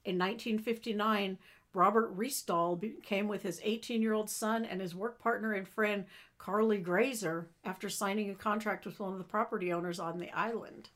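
A woman's voice: medium pitch, steady tone, moderate pace, fairly bright tone. A woman co-hosting a podcast, reading history aloud with playful, teasing comments. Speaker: podcast co-host. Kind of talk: casual chat and reading aloud.

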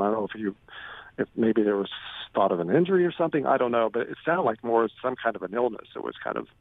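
A man with a gravelly, creaky voice chats loosely on the radio about golf, stopping and restarting his sentences. He comes through a narrow, tinny phone line with a dry sound. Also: on the low side, dry recording. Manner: rambling, many restarts and fillers. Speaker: golf writer, radio guest. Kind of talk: casual radio interview.

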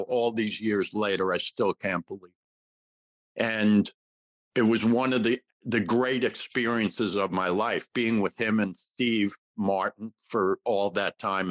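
Sixties man, actor guest, spins anecdotes with lively character voices, lower register, dry sound. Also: no room sound, low-quality recording. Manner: animated storyteller, acts out quoted dialogue. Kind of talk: casual interview storytelling.

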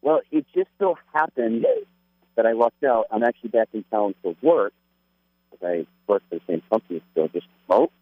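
A man's voice: lowish voice, normal speed, no room sound. Male caller on a tinny phone line. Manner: easygoing, hesitant with fillers. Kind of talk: casual phone call. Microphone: cell phone.

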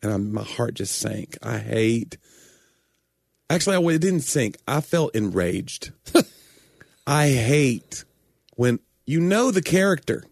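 A man in casual comedic chat, jokey and ranting. His pitch leaps around with lively energy. The sound is dry, with no room echo. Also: takes it slowly, creaky, long pauses, slightly rough. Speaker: podcast co-host.

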